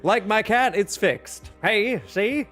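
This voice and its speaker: A man's voice: sits high, lively intonation, takes it slowly, a bit bright, soft background music. A man hosting a casual livestream from home, joking, laughing often and chatting directly to his viewers. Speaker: livestream host.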